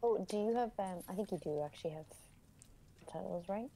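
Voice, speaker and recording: A woman's voice: mid-range voice, fairly quick, mellow, a little hiss or hum. A woman guiding a player through a game and giving directions with casual laughter. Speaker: game guide. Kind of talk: casual gameplay chat.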